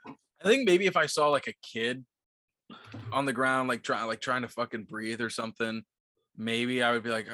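Bright, dry-voiced man swearing through stories. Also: medium pitch, normal speed, no echo. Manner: rambling, swears a lot, laughs while telling stories. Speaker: podcast co-host. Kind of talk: casual chat.

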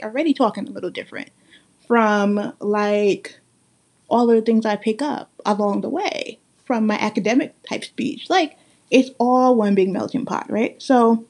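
This woman's voice is fairly high with a darkish tone; she hosts a podcast from Brooklyn and her accent mixes Guyanese and New York. Talking casually and directly to listeners, she stresses points emphatically by repeating phrases.

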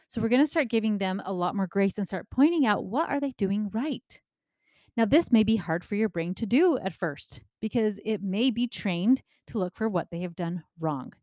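A woman in her thirties giving casual parenting advice, lively and acting out the remarks she quotes. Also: mid-range voice, moderate pace, no echo, clean studio sound. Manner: animated, acts out quoted remarks, often asks "right?".

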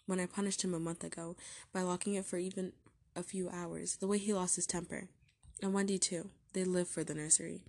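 Storybook role: woman reads a nervous, teary young mother, hushed and low, warm tone, dry read. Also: level tone, fairly quick. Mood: pleading. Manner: soft, tearful and pleading. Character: anxious young wife and mother.

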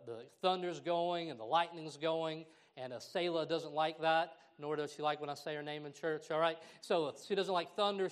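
A middle-aged man preaching a sermon in a church, animated and acting out the voices he quotes. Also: a little high. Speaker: pastor.

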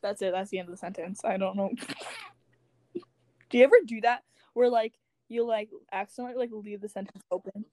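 A woman's voice: medium pitch, fairly even intonation, brisk, a little mellow, dry recording. Young woman with dry joking quips. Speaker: podcast co-host. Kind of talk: casual chat. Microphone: call recording.

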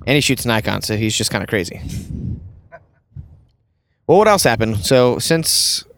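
A man hosts a relaxed podcast, chatting about his work as a wedding photographer. He spins anecdotes freely and slips into voices for the people in his stories, at an ordinary middle pitch. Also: a little slow. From Southern United States. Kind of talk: casual chat.

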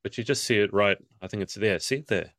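A man's voice: on the low side, fast talker, fairly bright tone, no room sound. A man hosting a casual podcast chat as a pageant coach, chatty and playful with frequent laughs.

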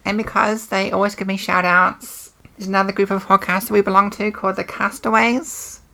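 A woman podcast co-host with a gravelly voice. Her tone is bright and forceful, and she reels off shout-outs in an upbeat, matter-of-fact way. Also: medium pitch, little pitch movement, brisk. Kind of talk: casual chat, reading shout-outs.

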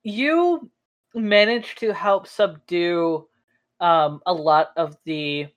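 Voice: medium pitch, extremely slow, dull audio. A game master narrating a tabletop game in a rambling way, full of fillers.

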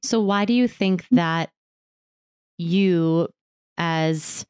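A woman's voice: fairly low pitch, drawn-out words, darkish tone, clean tone, no echo, clean studio sound. A woman podcast host asking rambling, restarting questions in a casual interview.

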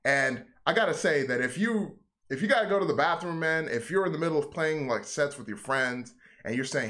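A man's voice: a little high, expressive, brisk, a bit bright. A man co-hosting a casual gaming podcast, rambling and repeating himself as he gives friendly advice. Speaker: podcast co-host. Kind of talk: casual chat.

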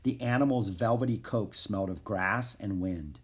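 A man narrating a children's chapter book in a calm, even reading voice. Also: lowish voice, moderate pace. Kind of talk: storybook narration.

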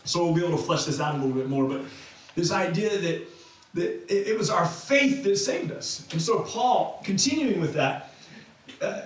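A man's voice: high-pitched, animated, normal speed, very echoey, recorded from a distance, rough recording. A man preaching a sermon as pastor, talking in a loose, conversational way with many restarts and fillers. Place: church sanctuary.

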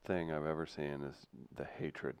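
A man's voice: extremely low pitch, fairly even intonation, normal speed, smooth, no room sound. A man co-hosting a casual podcast, dropping wry quips. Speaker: podcast co-host. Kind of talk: casual chat.

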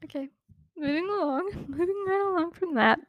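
A woman's voice: very high-pitched, moderate pace, dry recording, muffled recording. A woman hosting a podcast, talking casually about a Bible story, chatty and giggly, with lots of "like" fillers. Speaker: podcast host.

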